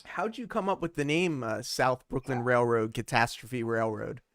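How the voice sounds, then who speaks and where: A man's voice: medium pitch, moderate pace, fairly bright tone, no room sound, studio quality. A man hosting a casual live stream interview, reading out viewer questions in an easygoing, joking way.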